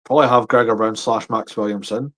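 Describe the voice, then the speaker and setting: A man's voice: fairly low pitch, fairly even intonation, a little fast, fairly bright tone, poor audio. A man, co-hosting a casual podcast with jokey, chatty banter. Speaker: podcast co-host. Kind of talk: casual sports chat.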